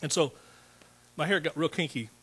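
A middle-aged man preaching a sermon in a church, telling stories in a folksy, animated way and acting out what people said. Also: on the high side, normal speed, background noise. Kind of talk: sermon with storytelling.

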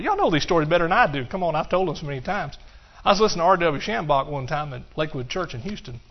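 A middle-aged man preaching a sermon, breaking into song and calling out to his congregation. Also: a little high. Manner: bursts into song and laughter, calls out to the congregation. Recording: dull, muffled recording.

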